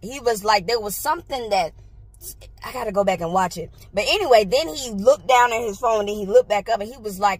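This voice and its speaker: A woman vlogger telling a casual story into a handheld phone, animated and exclaiming, laughing often. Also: medium pitch, fairly quick, breathy edge. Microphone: phone held in hand.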